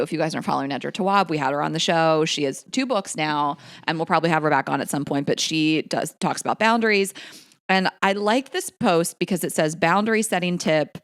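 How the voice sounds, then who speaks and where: Woman cohost chatting on a podcast, lowish voice, lots of laughs, swears a bit, dry mic. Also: dry recording. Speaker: podcast co-host. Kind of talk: casual chat.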